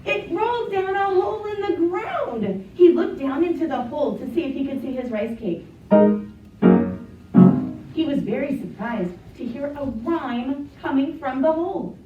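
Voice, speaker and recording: A woman telling a children's story in an animated way, inviting the children to join in. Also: high voice, unhurried. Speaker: storyteller and teacher. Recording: echoey, distant, dull, piano behind.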